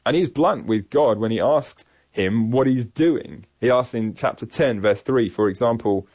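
Earnest man preaching, husky voice. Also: mid-range voice, a little mellow, dry recording. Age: adult parent. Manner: earnest, measured, reflective. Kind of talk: sermon-style Bible teaching.

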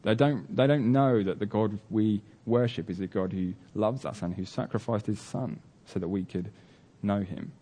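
A man's voice: fairly low pitch, moderate pace, mellow, slightly rough. A man preaching a sermon, telling a story earnestly with many fillers and restarts.

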